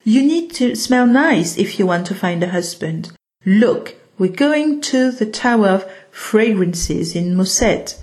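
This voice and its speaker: A woman's voice: mid-range voice, animated, a little slow, darkish tone, natural voice. A woman voicing a friendly flock of ewes in a storybook, sing-song and helpful.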